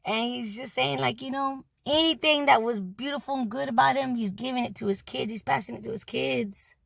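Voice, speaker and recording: Gravelly, blunt-talking woman. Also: high voice, brisk, fairly bright tone, dry recording. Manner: loose and blunt, swears freely, heavy on "you know". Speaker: messenger relaying words from a departed man. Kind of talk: casual spoken monologue.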